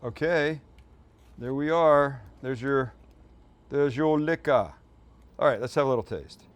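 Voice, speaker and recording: Chatty middle-aged cooking show host. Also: male voice, medium pitch, measured pace. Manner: chatty, upbeat, jokey. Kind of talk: casual cooking demonstration.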